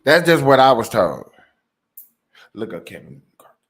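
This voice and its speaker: A man's voice: mid-range voice, moderate pace. A man hosting a casual, joking commentary show, laughing and riffing. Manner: animated, joking, laughing often. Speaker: host.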